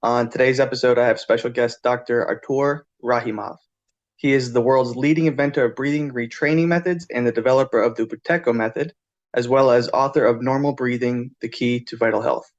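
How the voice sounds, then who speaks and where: Casual podcast host with dull audio. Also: male voice, medium pitch, fairly even intonation, a little fast. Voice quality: casual, loose phrasing with fillers. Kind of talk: podcast interview.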